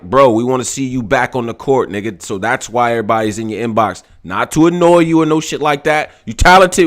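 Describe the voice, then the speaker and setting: A man hosting a podcast, talking casually with friends and getting loud and emphatic when he speaks straight to someone. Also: mid-range voice. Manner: animated, loud when addressing someone directly. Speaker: podcast host. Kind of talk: casual group chat.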